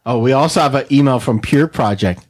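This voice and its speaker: Male podcast co-host, easygoing banter, quick to laugh, mid-pitched. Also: darkish tone. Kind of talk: casual chat.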